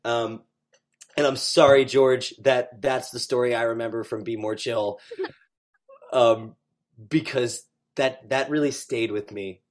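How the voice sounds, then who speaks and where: A man, a stage actor, chatting as an interview guest, animated and full of fillers. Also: fairly low pitch. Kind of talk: casual interview chat.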